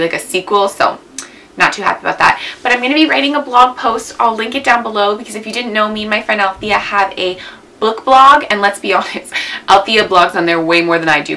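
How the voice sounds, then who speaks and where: Speaking at a medium pitch in a pushed, bright voice, a twenty-something beauty vlogger rambles through a chatty tag video at home, leaning on "like" and "um." The camera mic gives a low-quality recording with slight background noise.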